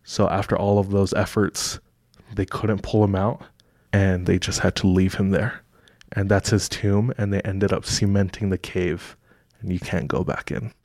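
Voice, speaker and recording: A man with a fairly low voice talks through a story in a loose, casual podcast chat. He fills gaps with "like" and "you know". The sound is dry and close to the mic. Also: level tone, normal speed, a little mellow, no echo. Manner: laid-back storytelling with many fillers. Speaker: podcast co-host.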